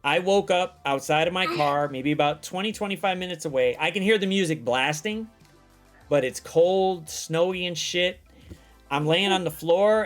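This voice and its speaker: A man's voice: a little high, a bit bright. A man chatting casually as a guest, telling a long personal story in a rambling, profane way and acting out what people said. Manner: profane, rambling storytelling full of acted-out quotes. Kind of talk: casual chat.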